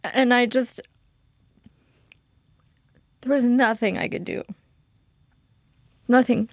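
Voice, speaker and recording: A woman guest telling a personal story in an interview, halting and emotional, with frequent restarts. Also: on the high side, dry recording.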